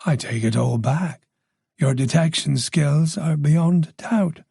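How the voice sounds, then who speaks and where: A man's voice: a little high, gravelly, mellow, husky, no room sound, studio quality, exaggerated voice. A man voicing a chatty, observant older woman with a faint Dublin accent, teasing and talking on in an audiobook. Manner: gossipy, teasing, talks on quickly.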